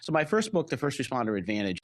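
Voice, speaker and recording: A man's voice: mid-range voice, sing-song, quick pace, dry recording. Older man with a Rhode Island–Massachusetts accent. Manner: rambling, many restarts and "you know". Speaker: guest, fire captain and author. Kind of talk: casual interview storytelling.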